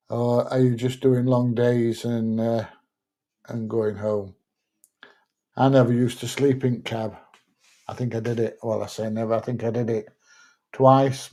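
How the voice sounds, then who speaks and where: A man's voice: medium pitch, dark tone. A middle-aged man, chatting casually on a live stream and reading out viewer comments, thinking aloud with plenty of fillers.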